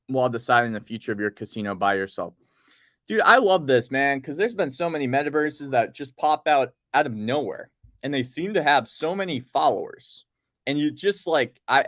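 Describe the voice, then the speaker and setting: A man's voice: medium pitch, no echo, studio quality. A man co-hosting a casual podcast, rambling through notes and reading bits aloud. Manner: relaxed, rambling, reads project notes aloud. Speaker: podcast co-host. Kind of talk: casual crypto news chat.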